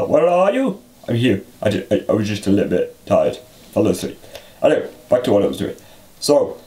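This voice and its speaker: A man's voice: mid-range voice, dark tone, recorded from a distance. A man voicing a muddled, forgetful male rabbit puppet who stammers and trails into filler sounds in a homemade puppet comedy.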